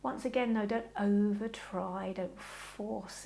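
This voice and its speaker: A woman teaching a guided yoga class in a gentle, reassuring, chatty way, softening into slow breath cues. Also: medium pitch, steady tone, gravelly, a little hiss or hum.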